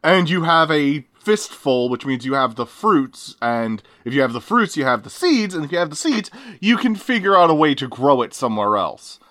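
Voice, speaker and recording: Bright, animated man riffing. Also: normal speed, hardly any pauses. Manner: animated, jokey, swings up high for bits. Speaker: movie riffing co-host. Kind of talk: casual riffing banter.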